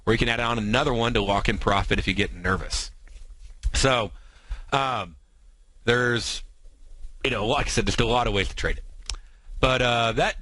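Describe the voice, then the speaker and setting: Fast-talking American trading show host. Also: male voice, mid-range voice, bright, forceful tone, dry recording, rough recording. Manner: talks fast, many fillers and asides. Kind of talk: fast explanatory talk on trading.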